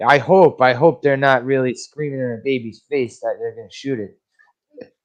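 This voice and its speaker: A man co-hosting a relaxed movie podcast, with a middle-pitched voice. He talks bluntly and swears freely, getting animated as he rants about what he watched. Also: moderate pace. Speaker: podcast co-host. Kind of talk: casual movie review chat.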